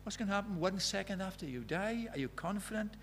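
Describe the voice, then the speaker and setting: Man preaching, fairly high voice, earnest, pressing questions, faint hum underneath. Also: lively intonation, quick pace, fairly bright tone. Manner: earnest, questioning, retells conversations in quoted dialogue. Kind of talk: sermon.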